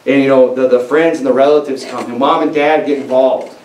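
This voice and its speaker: A man's voice: mid-range voice, fairly even intonation, a little fast, darkish tone. A male pastor preaching a sermon in a church, talking in an emphatic, conversational way with frequent restarts. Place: church sanctuary. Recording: echoey church room, mic at a distance, faint hiss.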